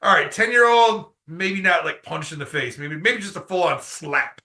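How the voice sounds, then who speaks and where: A man from Michigan hosting a casual podcast, reading news stories aloud and riffing on them with rambling, profane, sometimes shouted commentary. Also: sits high, moderate pace, creaky, roomy sound, far from the mic. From Michigan, USA. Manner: profane, rambling, loud outbursts.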